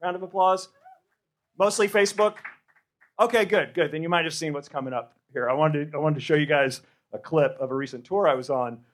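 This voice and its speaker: A slightly high-voiced American man hosts a podcast live on stage before an audience. He riffs loosely and profanely with the crowd, rambling and stammering through restarts as he goes. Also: a little fast, a bit bright. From United States. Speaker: podcast host. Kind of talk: live podcast stand-up banter.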